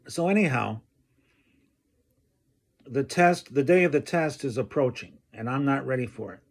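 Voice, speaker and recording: A man telling a personal story from his school days, slow and halting, often clearing his throat. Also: mid-range voice, expressive. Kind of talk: personal anecdote told slowly.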